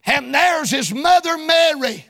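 A male preacher delivering a sermon in a sing-song cadence, often shouting, with folksy colloquial phrasing. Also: very high voice, animated, measured pace.

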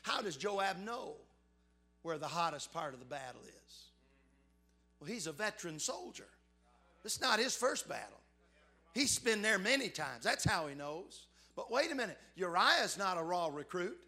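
A man, preaching a sermon and swinging between fervent, raised passages and hushed, earnest ones. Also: high-pitched, big pitch swings, normal speed.

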